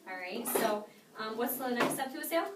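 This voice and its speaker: A woman's voice: a little high, expressive, fairly quick, very noisy. A young woman leading a sales training class, upbeat and constantly quizzing her trainees with "okay?". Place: training room with a group. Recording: echoey room, mic far off.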